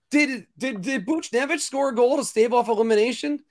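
A man hosting a casual sports talk show, ranting opinions in an animated way. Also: extremely high pitch, a little fast. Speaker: podcast host.

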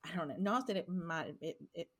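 A woman's voice: fairly low pitch, animated, fairly quick, husky. A woman casually discussing a book, rambling with many fillers.

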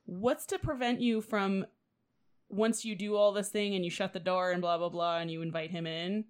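A woman's voice: medium pitch, moderate pace, smooth. Swearing, laughing woman podcast host. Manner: swears freely, laughs often, animated quoting. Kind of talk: casual chat and story reading.

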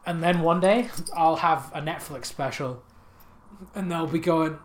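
A man's voice: fairly high pitch, expressive, moderate pace. A man hosting a podcast, telling absurd rambling comic stories, swearing and laughing at his own jokes into a podcast microphone. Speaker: podcast host.

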